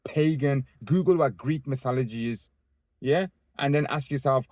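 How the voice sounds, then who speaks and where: A man's voice: mid-range voice, moderate pace, a little mellow, no echo. A young man ranting on a city street outdoors, combative and swearing, firing off rhetorical questions and sarcastic asides. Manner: sarcastic asides and voiced mockery. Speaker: street interviewee. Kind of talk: ranting monologue on camera.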